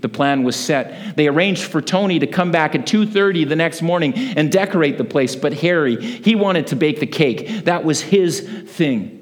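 A man preaching a sermon as a pastor, telling a story with lively acted-out voices. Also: a little high.

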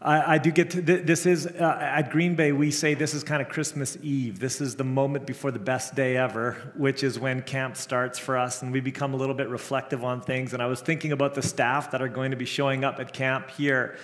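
A man's voice: mid-range voice, little pitch movement, a little fast, hardly any pauses. A middle-aged man, a camp director, preaching with earnest storytelling and frequent restarts. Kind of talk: sermon. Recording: long hall reverb.

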